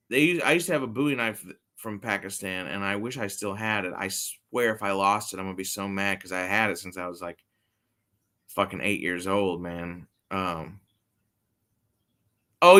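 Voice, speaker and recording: A man's voice: low-pitched, normal speed, sharp tone. A man livestreaming from his phone, chatting to his viewers in a rambling, swearing, casual way about his toy collection. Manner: rambling, profane, talks straight to chat viewers.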